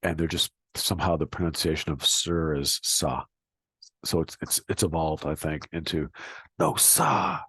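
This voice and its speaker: A man giving a casual spoken lesson on pronunciation, halting and restarting often, slowly demonstrating sounds. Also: very deep voice, steady tone, a bit bright, breathy edge, no room sound. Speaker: accent teacher.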